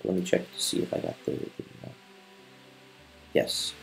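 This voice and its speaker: A man reading an epic poem aloud in a measured way, then chatting casually with some stumbles. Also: fairly bright tone, faint music behind, rough recording. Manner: measured, stumbles and restarts in chat. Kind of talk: poetry reading and casual chat.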